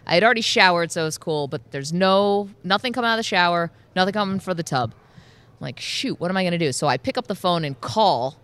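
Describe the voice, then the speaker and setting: A woman's voice: lowish voice, lively intonation, fairly quick, a bit bright. A sleep-deprived woman co-hosting a sports radio show, telling a story with frequent laughter in casual banter. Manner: laughing, storytelling, self-deprecating. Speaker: radio co-host.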